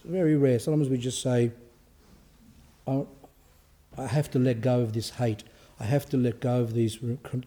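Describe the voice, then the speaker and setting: A male priest giving an informal, lively sermon, telling stories with acted quotes. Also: mid-range voice. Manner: animated storytelling with acted quotes.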